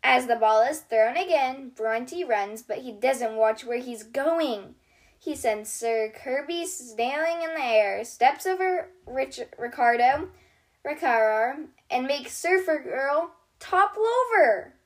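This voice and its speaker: A woman hosting a channel where she reads children's storybooks aloud in a gentle voice. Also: high-pitched, expressive. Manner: gentle, unhurried reading voice.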